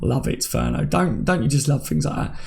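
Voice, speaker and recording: A man's voice: a little high, wildly swooping pitch, fairly quick, creaky, a little mellow. A man in his thirties hosting a casual live stream, chatting with viewers and reading out their comments by name. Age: 30s. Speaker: livestream host.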